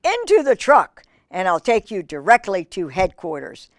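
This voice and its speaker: A woman's voice: medium pitch, huge pitch swings, moderate pace, no echo, clean studio sound. A woman voicing a sly, scheming male fox villain in a storybook read-aloud.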